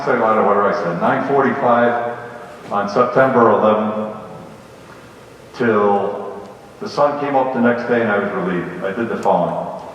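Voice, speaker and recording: A man from the Bronx with a New York accent, a police officer telling students his story in a blunt, animated way. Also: medium pitch, a little hiss or hum. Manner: blunt, animated retelling with acted quotes. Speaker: retired police lieutenant speaking to students. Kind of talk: storytelling talk. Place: large school hall. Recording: echoey hall, from far off, dull.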